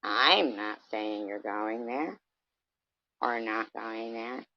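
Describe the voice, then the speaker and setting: A woman's voice: extremely low pitch, takes it slowly, no echo. A woman rants into her camera, confrontational and cursing freely, at times slipping into mockery. Her voice sits in a middle register and sounds dry and close, with no room around it. The recording is dull and lo-fi, as from a simple home setup. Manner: confrontational, profane, mocking. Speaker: vlogger. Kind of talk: angry livestream rant.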